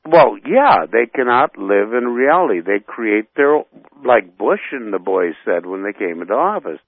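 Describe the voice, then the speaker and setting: A man's voice: lowish voice, very animated, normal speed, husky, dry recording. Rambling man on a phone line. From North Dakota. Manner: rambling, heated, searching for words. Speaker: radio caller. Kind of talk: phone-in rant.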